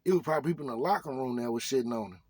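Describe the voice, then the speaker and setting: A man's voice: mid-range voice, rapid-fire, a little mellow, slightly rough, no echo. A man delivering a motivational rant to his viewers, hammering the same rhetorical questions again and again in slangy speech. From Arkansas. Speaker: vlogger.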